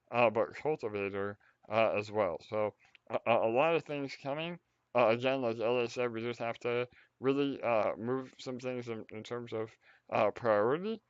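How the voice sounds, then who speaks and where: A man hosting a casual project update on a call, halting and full of fillers. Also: medium pitch, smooth, dry recording, dull audio.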